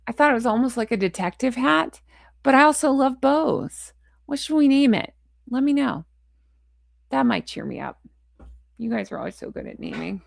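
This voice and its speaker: A woman's voice: a little high, animated, normal speed, vocal fry, dry recording, clean studio sound. A woman vlogger in casual chat to camera, frustrated, blunt and ranting, with a chatty, rambling sign-off. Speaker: royal commentary vlogger.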